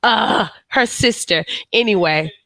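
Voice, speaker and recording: Animated woman podcaster. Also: mid-range voice, slow. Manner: animated, profane storytelling. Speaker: podcast co-host. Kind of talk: casual podcast chat.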